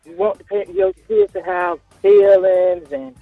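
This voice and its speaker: A woman's voice: mid-range voice, very animated, unhurried, no echo, phone-quality sound, soft background music. Emphatic woman caller from Florida. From Duval County, Florida. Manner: emphatic, indignant. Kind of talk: radio call-in.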